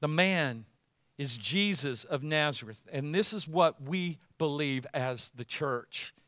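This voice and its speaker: A man preaching a sermon as pastor, conversational at first, then building to loud, emphatic passages. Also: a little high, lively intonation, slow, no room sound, studio quality.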